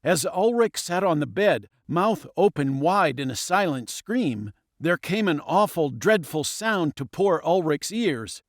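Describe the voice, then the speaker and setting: Expressive male audiobook narrator. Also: a little high, measured pace, few pauses, no echo, clean studio sound. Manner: expressive, dramatic. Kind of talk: scripted storybook narration.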